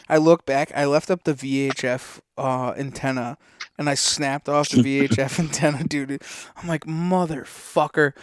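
A podcast co-host with a medium-pitched voice tells rambling, casual stories packed with fillers and swearing. The recording is dry, with clean studio sound.

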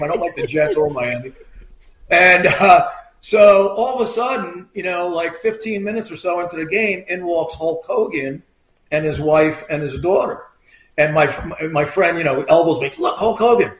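A man's voice: on the high side, moderate pace, a bit bright. A middle-aged man, a retired trooper, telling stories in a loose, rambling way, full of fillers and acted-out quotes. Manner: rambling, filler-heavy, acts out quoted lines in a raised voice. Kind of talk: casual anecdotal storytelling. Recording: roomy echo.

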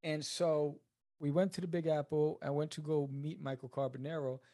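Animated New man telling stories. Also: moderate pace. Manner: animated, acts out quoted people in a higher voice. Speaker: interview guest, comic creator. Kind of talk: casual storytelling interview.

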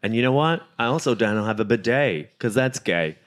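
Playful man with very lively pitch. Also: moderate pace. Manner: playful, mock-macho, jumps into high laughing tones. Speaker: podcast guest. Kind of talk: comedic casual chat.

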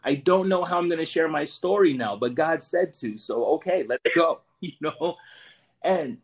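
A man's voice: a little high, lively intonation, moderate pace, creaky. A man in his forties, a Marine veteran guest, earnestly telling a personal story and often repeating words as he goes. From United States.

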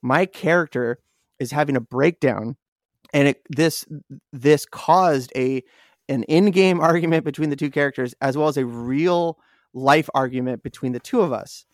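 A man co-hosting a podcast, telling a story in animated casual chat, swearing freely and acting out what people said. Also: a little high, normal speed, no room sound, studio quality. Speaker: podcast co-host.

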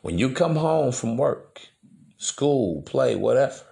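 A man's voice: mid-range voice, expressive, slow, vocal fry, warm tone. A man hosting a podcast, talking in a loose, slangy, preachy monologue. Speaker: podcast host. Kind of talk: casual monologue.

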